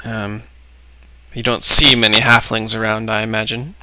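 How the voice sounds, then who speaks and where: A man's voice: lowish voice, flat delivery, bright, forceful tone, smooth, no echo, rough recording. A man doing a grave, formal halfling slayer. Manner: formal, measured, somber. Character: serious halfling monster slayer, male adult.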